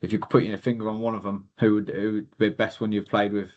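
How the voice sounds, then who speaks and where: A man's voice: lowish voice, flat delivery, fast talker, darkish tone. Easygoing podcast host man, slightly dull sound. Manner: easygoing, laughs along, hesitant fillers. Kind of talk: casual interview questions.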